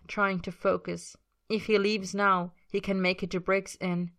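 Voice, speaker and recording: A woman reading a story aloud in a measured, emotive way. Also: fairly low pitch, little pitch movement, fairly bright tone. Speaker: story reader. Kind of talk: audiobook-style fiction reading.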